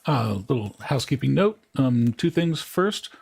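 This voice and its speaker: Male moderator, animated pitch, husky, rapid announcements. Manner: quick housekeeping announcements. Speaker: community moderator.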